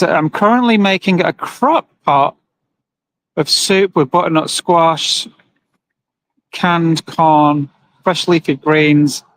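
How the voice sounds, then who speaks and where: Poor audio captures a male livestreamer with a higher-pitched voice at an animal rights vigil, speaking from his phone outdoors beside a road as trucks go past. In an earnest, emotional, casual monologue, he talks to viewers and reads their comments aloud.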